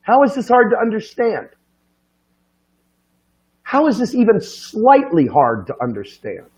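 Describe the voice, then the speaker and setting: A man giving an impassioned, profane monologue, hammering rhetorical questions and swinging between low, quiet stretches and sudden high, loud bursts. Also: huge pitch swings, unhurried, poor audio. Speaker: political commentator.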